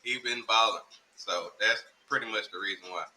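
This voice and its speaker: Male co-host, casual slangy football chat, very bright edgy tone. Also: fairly low pitch, moderate pace, low-quality recording. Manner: laid-back, slangy, reads stats.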